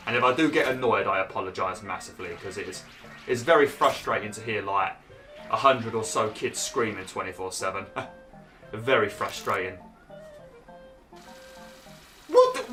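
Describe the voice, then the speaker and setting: A young man commentating on his own gameplay in a chatty way, swearing and yelping when frustrated. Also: bright, forceful tone. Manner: bursts into high exclaims when annoyed. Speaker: gaming YouTuber. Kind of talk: Let's Play commentary.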